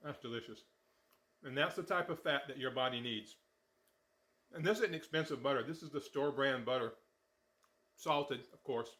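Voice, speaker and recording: A man's voice: mid-range voice, normal speed, long pauses, fairly bright tone. A man hosting a casual how-to cooking vlog in his home kitchen, talking in a folksy, chatty way and sometimes eating as he speaks. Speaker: diet vlogger.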